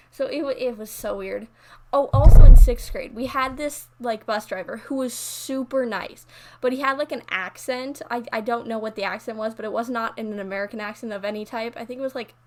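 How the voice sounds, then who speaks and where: Casting: teen girl YouTuber, slightly high voice, loose rambling storytime delivery. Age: teens. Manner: rambling, full of "like" and restarts. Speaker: YouTuber narrating over a speed build. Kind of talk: casual storytime chat.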